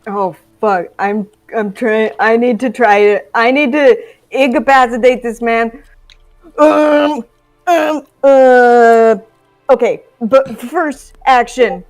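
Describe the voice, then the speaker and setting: A woman's voice: on the high side, slow pace, faint music behind, rough recording. A woman playing a tabletop game, hesitant and thinking aloud with many fillers. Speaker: player.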